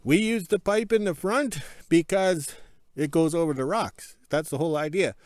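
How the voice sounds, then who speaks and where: Recorded at studio quality with no room sound, a man whose voice sits on the high side and sounds a little mellow speaks at a moderate pace. The homesteader vlogs a folksy, rambling walk-around of his cold-north workshop and yard, self-correcting along the way.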